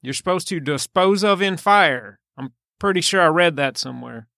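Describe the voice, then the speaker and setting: A man making deadpan, goofy asides as co-host of a casual movie-review podcast. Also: on the high side, moderate pace, creaky, no room sound, clean studio sound.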